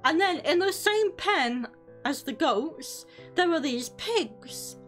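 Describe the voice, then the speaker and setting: British woman, high voice, slow unhurried delivery, sweary rambling storyteller, faint music behind. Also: animated, a bit bright. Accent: British English. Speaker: streamer. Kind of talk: casual storytelling on a live stream.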